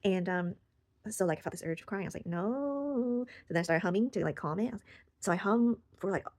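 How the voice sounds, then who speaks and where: A woman's voice: on the low side, quick pace, a little mellow, no room sound. A young woman sharing a personal story in casual, rambling talk full of fillers and restarts, recorded close on the mic. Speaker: channel host.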